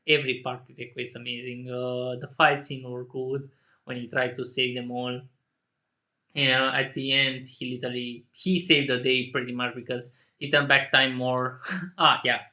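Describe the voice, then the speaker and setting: A man in a casual solo rant who laughs often, swears, and jumps to indignant shouting. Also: mid-range voice. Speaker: channel host.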